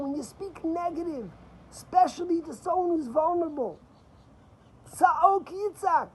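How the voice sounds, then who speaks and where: A man's voice: extremely high pitch, a little hiss or hum, rough recording. A man giving a sermon as a rabbi, repeating key phrases for emphasis in an earnest teaching manner.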